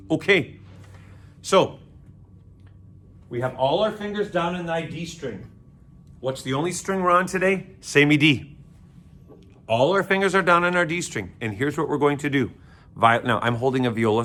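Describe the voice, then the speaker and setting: A man in a school orchestra room walks children through a string lesson. He talks in a playful, coaching way, with sing-song call-and-response chants and goofy jokes. His voice sits at an ordinary middle pitch. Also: fairly bright tone.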